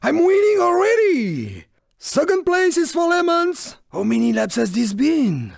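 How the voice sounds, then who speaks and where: A man's voice: very high-pitched, wildly swooping pitch, measured pace, creaky, dry recording, clean studio sound, heavily acted. An actor playing a shifty little male French car in a video game, taunting rivals in a theatrical French accent. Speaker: game character.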